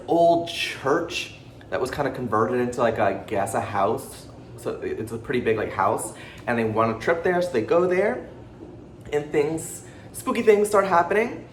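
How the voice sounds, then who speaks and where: A chatty, excitable man rattles off a casual monthly book rundown at a fast clip, jittery and swearing freely. His voice sits at an ordinary middle pitch and echoes around the room, with a faint hum of noise behind him. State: jittery from pre-workout drink. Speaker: book channel host. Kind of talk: casual monthly reading wrap-up. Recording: roomy echo with faint background noise.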